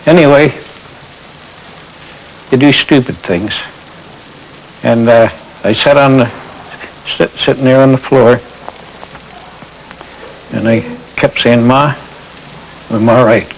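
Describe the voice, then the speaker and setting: Older veteran, mid-range voice; halting, reflective interview memories over faint background hiss. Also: male voice, medium pitch, steady tone, vocal fry, rough recording. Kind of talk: documentary interview recollection.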